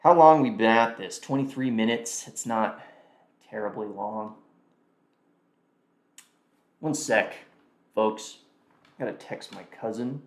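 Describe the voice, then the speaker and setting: A man with a fairly low voice hosts a live stream, chatting casually, reacting, and muttering to himself as he thinks out loud. He speaks slowly with long pauses, and the recording has a roomy echo.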